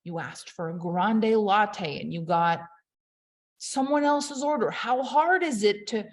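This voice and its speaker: A woman gives a motivational talk on leadership, emphatic and conversational, her volume swinging between loud and quiet. Her pitch is medium and she speaks slowly.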